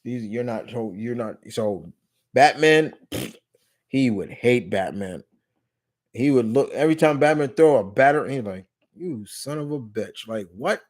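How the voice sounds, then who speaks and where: A man's voice: mid-range voice, darkish tone. A man from New York with a New York accent, hosting a casual live Q&A stream, rambling through restarts and fillers, blunt and jokey with casual swearing. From New York, USA.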